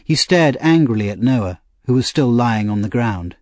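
An audiobook is read by a man with a mid-range voice, his storytelling measured and expressive. No echo can be heard.

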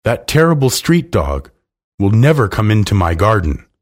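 A man voicing a fussy, anxious woman who frets over her dog, shrill and scolding. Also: very animated, moderate pace. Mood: distressed.

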